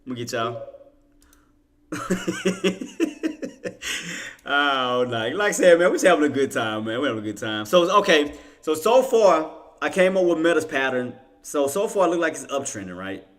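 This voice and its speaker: A man's voice: on the high side, very animated, moderate pace, long pauses. A man hosting a trading livestream, joking and laughing with his chat in loose, slangy banter. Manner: laughing, teasing banter with viewers. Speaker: stock trading livestream host. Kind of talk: casual livestream commentary to chat.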